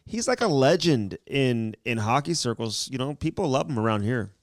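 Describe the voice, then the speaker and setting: A man hosting a casual podcast interview, excitable and quick to exclaim. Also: mid-range voice, no room sound, clean studio sound. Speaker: podcast host.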